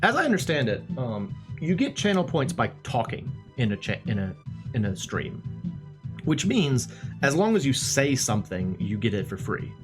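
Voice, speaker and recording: Male streamer, playful and rambling, lively voice, guitar music behind. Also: mid-range voice. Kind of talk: casual chat while drawing on stream.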